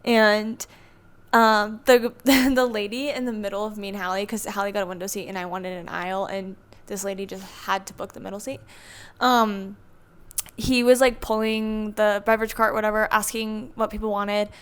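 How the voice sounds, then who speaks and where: A young woman co-hosting a podcast, telling stories in an animated casual chat and laughing often. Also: mid-range voice, normal speed, smooth. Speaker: podcast co-host.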